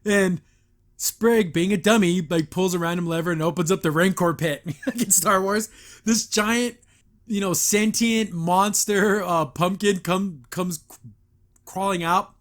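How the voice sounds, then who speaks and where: A man's voice: high voice, steady tone, unhurried. A man hosting a casual cartoon review podcast, chatty and laughing as he retells scenes and acts out the lines. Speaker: podcast host.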